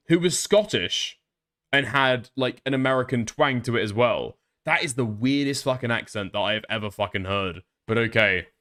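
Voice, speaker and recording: A man riffing through a reaction stream with biting sarcasm and plenty of swearing. His pitch sits mid-range but bounces around with a lot of expression. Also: fairly bright tone. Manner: sarcastic, profane, musing aloud. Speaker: stream commentator. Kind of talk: reaction commentary.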